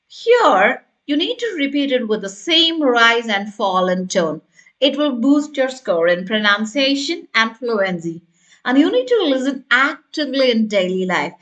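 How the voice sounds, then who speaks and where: A woman teaching speaking tips in a scripted tutorial, upbeat and coaching, modelling example sentences slowly. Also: on the high side, a bit bright. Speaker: test prep teacher.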